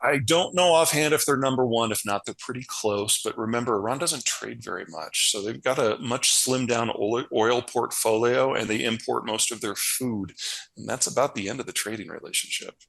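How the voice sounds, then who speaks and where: A man's voice: medium pitch, normal speed, creaky, a bit bright, low-quality recording. A man answering interview questions in a blunt, casual way, hammering points home by repeating phrases. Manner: blunt, emphatic, stacks repeated phrases for stress. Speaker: guest analyst.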